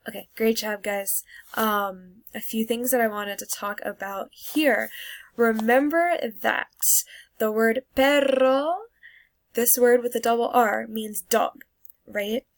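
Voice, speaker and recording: A young woman teaching Spanish, sounding out words slowly for learners and then explaining casually. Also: fairly high pitch, fairly even intonation, no echo. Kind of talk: classroom lesson recorded for students.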